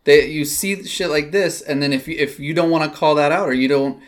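A man hosting a casual conversation, reflective, with soft backchannels and pointed questions. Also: fairly high pitch, steady tone, a little fast.

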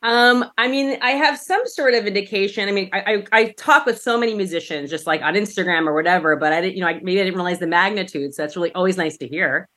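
Bright-voiced, enthusiastic woman guest. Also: mid-range voice, fast, few pauses. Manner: enthusiastic, gracious, a few filler restarts. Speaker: music show host, podcast guest. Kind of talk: casual interview.

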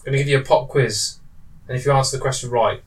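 A man's voice: medium pitch, steady tone, fast talker. A man playing a casual quiz with friends, arguing over clues and joking around. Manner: argumentative, joking, pushes back on clues. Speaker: quiz contestant. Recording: distant mic with faint background noise.

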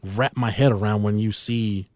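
A man in his thirties hosting a casual sports talk show, speaking reflectively with many halting fillers. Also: on the low side, fairly even intonation, darkish tone, no room sound, clean studio sound. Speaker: podcast host.

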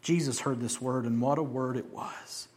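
A man preaching a sermon, shifting between hushed, slow emphasis and loud, high declarations, with casual jokey asides. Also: fairly even intonation. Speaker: pastor.

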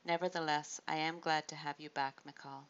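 A commanding king, read by a low-voiced woman. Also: fairly even intonation, smooth, close to an everyday voice. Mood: firm. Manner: firm, measured. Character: proud adult male king, commanding. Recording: dull lo-fi audiobook recording.

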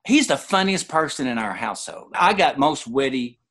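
Man around 60, mid-pitched, interview guest; lively storyteller who jumps up in pitch to voice others. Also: moderate pace. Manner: animated, voices other people in quotes with sudden pitch jumps. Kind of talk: conversational personal storytelling.

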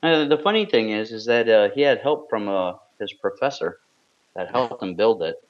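A man's voice: lowish voice, animated, normal speed, dull audio. A man co-hosting a podcast in casual chat, telling stories in a wry way. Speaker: podcast co-host.

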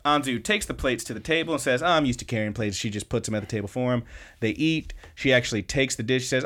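Male podcast host, mid-pitched voice, loose chatty recap delivery with fillers and quick quoted lines. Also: a bit bright. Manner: chatty storytelling, quoting characters in quick bits; loose, with frequent fillers and swearing. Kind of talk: casual anime episode recap.

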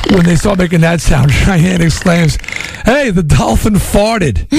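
A man's voice: fairly high pitch, vocal fry, noisy background. A middle-aged man from Long Island, a radio host telling stories in a rambling way, full of restarts. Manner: rambling storyteller with many restarts. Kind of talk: casual talk radio chat.

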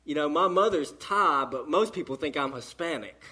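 A man with a Southern American accent preaching a sermon in church, with emphatic pauses. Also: fairly high pitch, animated, sharp tone, husky. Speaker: pastor. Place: church during an evening service.

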